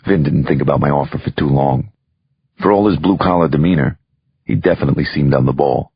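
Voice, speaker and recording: A man narrating a crime thriller audiobook in the first person, steady and measured. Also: a bass voice, creaky, breathy edge, dry recording, dull audio.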